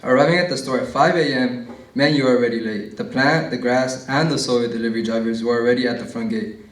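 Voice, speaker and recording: A man's voice: mid-range voice, fast. A teenage student reading his own essay aloud at an award event, plain and a little nervous, with some slips. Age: teens. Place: large library event hall. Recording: echoey room from far off.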